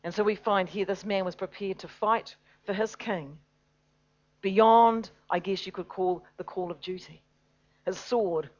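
Preaching woman, loud then hushed. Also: fairly low pitch, highs cut off. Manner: swings between loud urgent stress and hushed near-whispers. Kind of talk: sermon.

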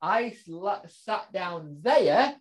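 A man's voice: sits high, lively intonation, drawn-out words, breathy edge. Self-mocking man, rambling chat. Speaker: podcast co-host and parent. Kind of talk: casual chat.

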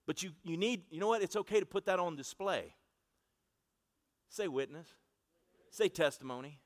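A man's voice: sits high, lively intonation, moderate pace, pauses often. A man preaching a sermon in a conversational, storytelling way, asking the congregation to repeat after him. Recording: long reverb of a large hall.

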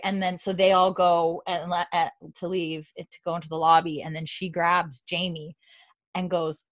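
A woman's voice: fairly low pitch, normal speed. A woman hosting a casual podcast chat, retelling scenes and acting out the characters' lines. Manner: animated storyteller, acts out characters' lines. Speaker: podcast host recapping a show.

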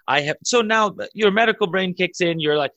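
A man with a bright, forceful voice recounts a story in a podcast chat. He is excitable, laughs between lines and rushes in bursts. The sound is close and dry. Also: sits high, dry recording. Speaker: imam and podcast guest.

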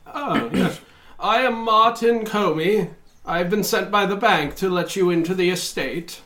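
A man's voice: high-pitched, unhurried, pushed and bright, pitched above the performer's own voice. A man voicing a plump, sweaty, nervous male bank clerk in a tabletop game, fussy and evasive. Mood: flustered.

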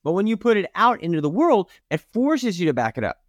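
A middle-aged man who hosts a podcast and competes in rodeo gives a motivational talk, addressing listeners directly and emphatically. His voice is a little high for a man, very animated and brisk, captured in a dry, close recording with no room sound.

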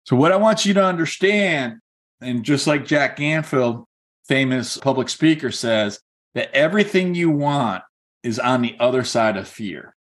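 An earnest man speaks as a real estate coach, mixing a personal story into a motivational talk. He talks in a loose, conversational way, full of casual fillers, and keeps urging his listeners on. His voice sits at an ordinary middle pitch for a man. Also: expressive, measured pace. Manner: conversational, many "like" and "you know" fillers; earnest and encouraging.

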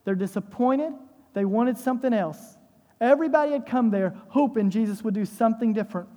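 Pastor preaching a sermon: warm, mellow tone, emphatic delivery, lots of rhetorical questions; reverberant church room sound. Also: medium pitch, brisk.

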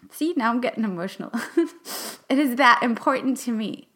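A young adult woman hosting a podcast, talking in an earnest, halting and emotional way, sometimes dropping to a whisper for emphasis. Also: fairly high pitch. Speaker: podcast host and class facilitator. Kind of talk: reflective podcast monologue.

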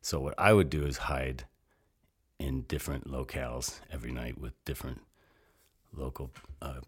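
A rambling older American man with a very low, deep voice spins loose, salty yarns as a guest. He jumps between asides and restarts, acting out the people in his stories. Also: moderate pace, husky. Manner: rambling, animated storyteller, salty language. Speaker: interview guest. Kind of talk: casual storytelling.

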